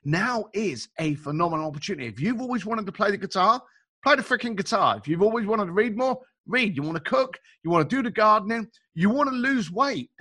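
A man telling stories as a guest in casual conversation, chatty and animated, acting out the people he quotes and using informal slang. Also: sits high, fairly quick. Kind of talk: casual storytelling.

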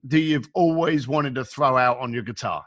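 Male guest, bright and forceful, animated storyteller, slangy. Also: mid-range voice, normal speed. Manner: animated, chatty, acts out quotes; informal slang. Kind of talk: casual storytelling.

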